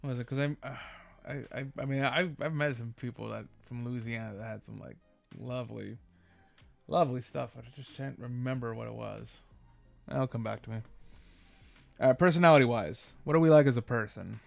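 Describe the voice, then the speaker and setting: A man streaming a game live, chatting casually and thinking aloud with many halting restarts. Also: medium pitch, vocal fry, faint music behind.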